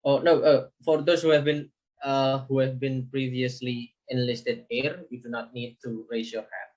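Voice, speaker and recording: A man's voice: medium pitch, little pitch movement, normal speed, darkish tone, dull audio. Man chairing a model UN session. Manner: hesitant, many fillers and okays. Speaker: committee chair.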